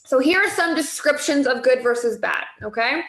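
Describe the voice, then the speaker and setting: A woman's voice: high-pitched, expressive, normal speed, a bit bright, echoey room, poor audio. A woman coaching a group on weight loss in a chatty way, often checking in with "okay?" and "right?".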